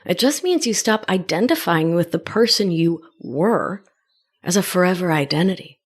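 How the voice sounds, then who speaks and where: Gentle, slightly low-voiced woman from Argentina. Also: expressive, moderate pace. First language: Spanish. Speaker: podcast host and life coach. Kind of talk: reflective wellness podcast monologue.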